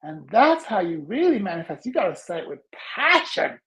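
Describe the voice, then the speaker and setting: Man, podcast coach, lively storyteller, acts out voices, laughs mid-sentence. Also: brisk, rough recording. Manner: animated, acts out quoted voices with big pitch jumps; laughs while telling. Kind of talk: storytelling in conversation.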